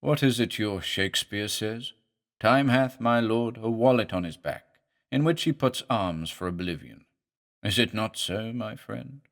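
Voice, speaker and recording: Horror audiobook villain: a man playing a cold, hissing foreign professor, low and hushed, menacing. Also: measured pace, creaky. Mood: sardonic. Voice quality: hissing sibilance. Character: sinister foreign male professor, cold and sardonic.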